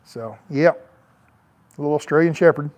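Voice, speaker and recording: Out on his porch, a middle-aged travel vlogger talks loosely at a measured pace in a slightly high voice. His casual, rambling chat is full of fillers and restarts.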